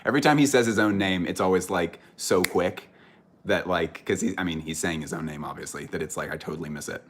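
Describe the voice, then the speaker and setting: An American man with a very deep voice chats casually with viewers on a livestream. He rambles, stops to correct himself and often trails off into laughter. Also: a little fast, a bit bright, slight background noise. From United States. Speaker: streamer chatting with viewers.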